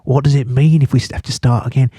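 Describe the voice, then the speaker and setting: A man's voice: mid-range voice, steady tone, fast talker, warm tone, slightly rough, no echo. A man teaching a casual study-guide lesson, chatty and playful, with jokey asides. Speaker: English literature teacher.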